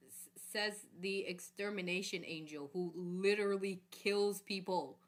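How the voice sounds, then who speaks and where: A woman's voice: mid-range voice, steady tone, measured pace. A woman hosting a reaction video, chatting casually with joking asides.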